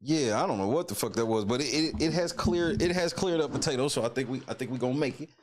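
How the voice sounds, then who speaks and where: Animated, profane male live-stream host. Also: medium pitch, quick pace, slight background noise. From Indiana. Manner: greets chatters mid-rant. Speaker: livestream host. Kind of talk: casual live-stream commentary.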